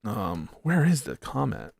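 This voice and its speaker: A man's voice: medium pitch, sing-song, measured pace, gravelly, darkish tone, dry recording. A man doing live political commentary on stream in a dry, close sound. He talks bluntly and swears freely, rambling as he scrolls for comments. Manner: blunt and profane, rambling while searching comments. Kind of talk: livestream commentary reading chat.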